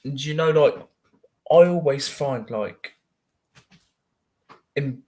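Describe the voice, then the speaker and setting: A man's voice: on the high side, slow, dark tone. A man chatting casually as a guest, laughing often and filling his speech with "like". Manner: laughs often, many fillers like "like". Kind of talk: casual chat.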